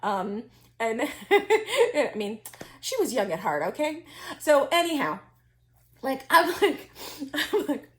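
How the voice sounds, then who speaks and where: A woman with a high, sing-song voice talks slowly and pauses often. She resells vintage finds and is telling a story in casual chat, laughing a lot, using plenty of fillers, and restarting her sentences.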